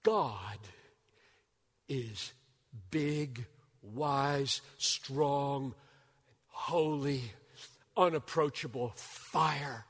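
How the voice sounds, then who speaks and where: An older man preaching a sermon as a pastor. He swings from loud, urgent bursts down to hushed near-whispers. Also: medium pitch, drawn-out words, long pauses. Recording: long hall reverb.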